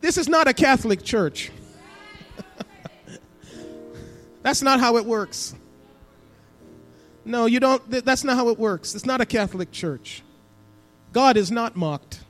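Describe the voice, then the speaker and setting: Male pastor, high-pitched, church sermon with dramatic hushes and swells, faint music behind. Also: animated, slow pace, long pauses. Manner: preaching with swings between hushed and emphatic delivery. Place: church sanctuary.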